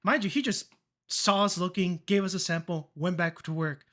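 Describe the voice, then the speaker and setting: Young adult streamer, mid-pitched voice, loose chatty storyteller who swears and laughs along, acts out every quoted line. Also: steady tone, normal speed, fairly bright tone. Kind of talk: casual storytelling chat.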